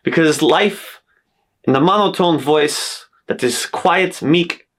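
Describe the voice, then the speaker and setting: A man's voice: on the high side, takes it slowly, a bit bright. Earnest man in a self-made stylized accent. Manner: earnest, uplifting, list-like affirmations. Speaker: self-help vlogger. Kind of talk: motivational self-help talk.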